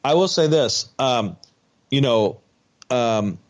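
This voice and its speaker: A man co-hosting a casual podcast chat, retelling a reality show in an animated way and acting out the quotes. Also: mid-range voice, takes it slowly. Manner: animated storytelling, acts out quotes. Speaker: podcast co-host.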